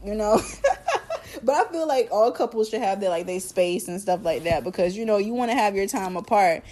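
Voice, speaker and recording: A young woman hosts her own podcast, chatting straight to her listeners. She talks in a loose, slangy, animated way, with her pitch sitting in the middle of the usual range. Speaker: podcast host. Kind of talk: casual solo podcast chat.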